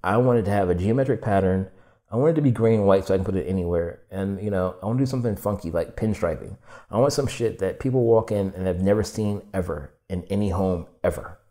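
A low-voiced young man talks through his story on a podcast, loose and animated. He swears freely and acts out what people said to him, filling his talk with "like" and "you know". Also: fast talker. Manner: animated, swearing, acting out quotes with many "like"s. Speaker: podcast guest, furniture designer. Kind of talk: casual storytelling interview.

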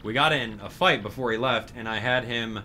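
A man's voice: medium pitch, a little fast, pushed and bright, natural voice. A man reading the lines of a worried village mother from a video game in his own plain voice.

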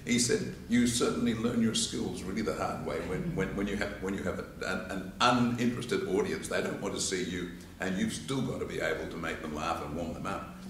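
An Australian man teaches public speaking to a live audience, and he tells stories and acts out the people in them. His voice sits a little low. It sounds like an echoey hall picked up from some distance away. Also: a little fast, hardly any pauses, slight background noise. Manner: animated storyteller, acts out quotes and laughs along. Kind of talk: informal lecture with demonstrations.

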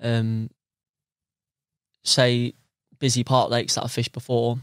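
A man's voice: medium pitch, monotone, slow, clear, resonant tone, no room sound, studio quality. A young man, chatting casually as a podcast guest and telling stories with quoted voices. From London. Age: young adult. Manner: easygoing storyteller who acts out quoted people. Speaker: guest angler.

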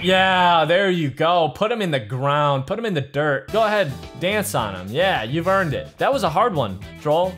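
A man hosting a comedic game video, talking to his character in an excitable way, mumbling one moment and shouting the next. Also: fairly high pitch, moderate pace, few pauses. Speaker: host narrating a game video. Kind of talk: comedic gameplay narration. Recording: music playing in the background.

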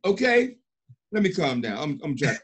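A middle-aged man on a conference call, emphatic and animated, often repeating himself. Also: on the high side, normal speed, slightly rough. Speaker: senior partner and mentor. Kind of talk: excited conference-call praise.

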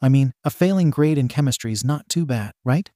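A man's voice: medium pitch, expressive, normal speed, warm tone, no echo, clean studio sound, natural voice. A man voicing a nervous, stammering teenage boy who babbles when embarrassed, in a storybook reading. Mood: flustered.

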